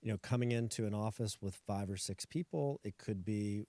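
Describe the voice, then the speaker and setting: Deep, mellow-voiced podcast host. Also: male voice, normal speed, no room sound. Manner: conversational, asks practical questions. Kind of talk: podcast interview.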